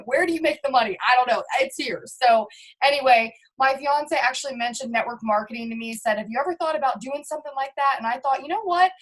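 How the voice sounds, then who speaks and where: A young woman telling her network marketing story in an excited, bubbly, exclamatory way. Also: on the high side.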